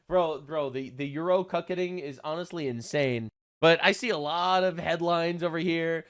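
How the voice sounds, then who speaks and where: A man's voice: high-pitched, lively intonation, brisk, fairly bright tone. A young adult man giving casual online commentary, crude and mocking, rambling with lots of fillers. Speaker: commentary channel host.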